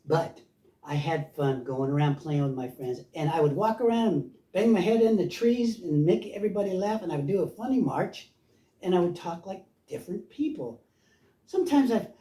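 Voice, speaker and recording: A man's voice: sits high, dark tone. An older man telling playful, meandering childhood stories at a house by the ocean. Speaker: storyteller, guest. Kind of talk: rambling storytelling. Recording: roomy, far from the mic.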